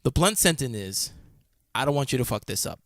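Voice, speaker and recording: Bright, laughing storyteller man. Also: medium pitch, fairly quick, no room sound, studio quality. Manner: animated storyteller, laughs often, swears casually. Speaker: podcast co-host. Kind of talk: casual chat.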